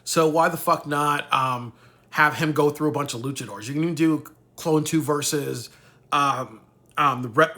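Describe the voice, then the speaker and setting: A man's voice: on the high side, vocal fry, bright, forceful tone. A man talking casually in a rambling vlog, swearing freely and tacking "really" onto his points. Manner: rambling, profane, ends thoughts with "really". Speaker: wrestling commentator.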